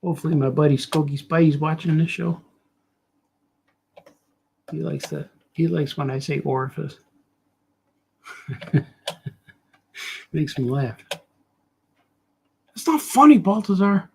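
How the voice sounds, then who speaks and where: A man's voice: a little high, flat delivery, unhurried, gravelly, long pauses, mellow, a little hiss or hum. A middle-aged man, a cartoonist, chatting loosely as he draws, with joking, self-mocking asides. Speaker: cartoonist streamer. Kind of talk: rambling casual chat while drawing.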